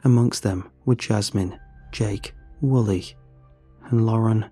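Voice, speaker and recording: A man's voice: on the low side, fairly even intonation, takes it slowly, mellow, breathy edge, faint music behind. A man narrating a first-person story in an earnest, emotional way.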